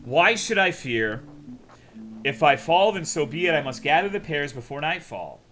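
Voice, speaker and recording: A man reading game dialogue aloud, voicing a simple-minded pear gatherer in slow, emphatic old-fashioned speech. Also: on the high side, very animated, music in the background, rough recording. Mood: stubborn.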